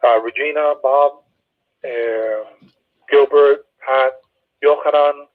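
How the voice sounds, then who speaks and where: A man's voice: mid-range voice, steady tone, slow pace. A man taking part in an online study group, politely greeting everyone. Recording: tinny phone line.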